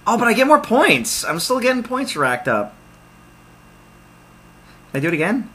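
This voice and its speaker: Guy doing let's play commentary, huskyish, bright, yells a lot at the game. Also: high voice, moderate pace, husky. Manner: excitable, loud outbursts and laughing.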